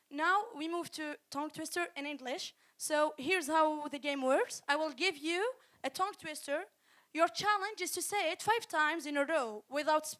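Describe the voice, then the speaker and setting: A woman hosting a school reading event, explaining the rules of a tongue-twister game to students and saying each twister slowly and carefully. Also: sits high, a bit bright.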